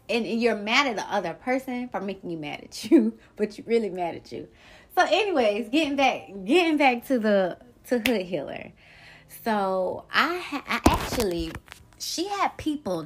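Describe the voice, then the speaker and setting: A woman's voice: a little high, slightly rough. Blunt, profane woman podcast host. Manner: blunt and profane, animated storytelling. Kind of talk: casual solo podcast monologue.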